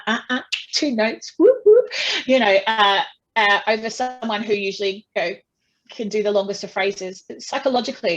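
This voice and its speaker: A woman speaks in a loose, chatty way, at a middling pitch, with many restarts and asides. She tells her story at length and briefly acts out the people in it. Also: slightly rough, muffled recording. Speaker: singer being interviewed. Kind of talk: casual interview talk.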